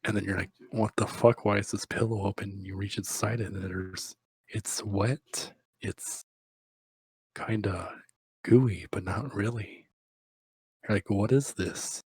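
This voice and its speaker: A man's voice: lowish voice, fairly even intonation, measured pace, husky, dry recording. A man telling a rambling, crude, improvised comic story, often breaking into laughter.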